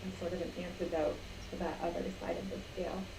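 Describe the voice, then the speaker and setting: A woman shares her experience with a meditation group over a video call, reflective and hesitant. Her voice is fairly low, and the room echoes. Steady background noise sits under her. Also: fast. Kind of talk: sharing in a group discussion.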